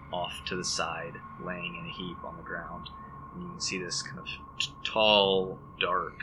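A man narrating as game master in a tabletop role-playing game, describing scenes in halting, descriptive talk. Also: low-pitched, background noise.

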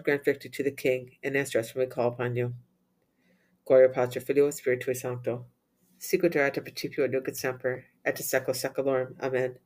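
Male prayer reader, flat even delivery, steady liturgical recitation of psalms and readings. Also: medium pitch. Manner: steady chanting recitation with slips and restarts. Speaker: prayer leader.

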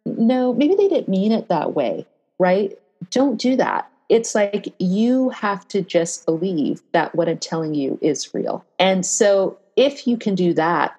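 Woman guest, husky and a bit low, earnest, direct interview talk. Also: rough recording. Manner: earnest and direct, animated when telling stories, frequent "right?". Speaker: diversity and bias trainer, interview guest. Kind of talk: casual interview talk with storytelling.

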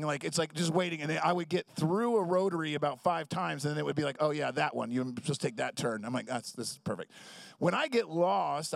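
High, gravelly-voiced pastor preaching casually. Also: male voice, dry recording, clean studio sound. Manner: conversational, jokey storytelling with acted-out quotes. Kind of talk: sermon.

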